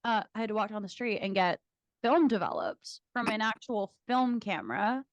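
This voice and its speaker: A woman's voice: medium pitch, lively intonation, moderate pace, no room sound, lo-fi sound. Young woman, podcast co-host, chatty, giggly, dry close sound. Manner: laughs often, chatty storytelling with swearing. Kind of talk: casual chat.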